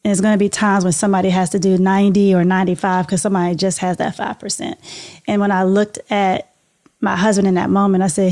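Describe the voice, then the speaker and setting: A woman's voice: mid-range voice, little pitch movement, a little fast, a little mellow. A middle-aged woman, a podcast co-host, telling a personal story in an interview in an earnest, heartfelt, reflective way.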